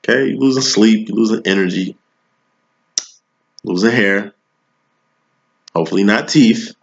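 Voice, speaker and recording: A man with a lowish voice and vocal fry gives a casual tarot reading at a measured pace, using slang, preaching, and constantly asking "you know what I'm saying." The recording is dull and lo-fi.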